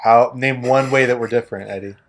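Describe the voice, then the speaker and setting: A man's voice: medium pitch, fairly even intonation, fairly quick. Dry-questioning young man. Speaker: podcast co-host. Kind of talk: casual chat among friends.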